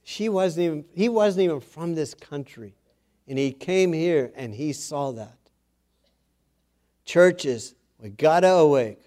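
A man's voice: fairly high pitch, animated, takes it slowly, dark tone. A man preaching a sermon, earnest, with self-deprecating asides, rising in force when he exhorts.

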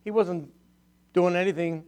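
A man's voice: high voice, fairly even intonation, a little slow, darkish tone, clear, resonant tone. An older man preaching to his church, telling personal stories in a chatty way, laughing often and acting out the voices of people he quotes. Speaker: pastor. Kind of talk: storytelling sermon testimony.

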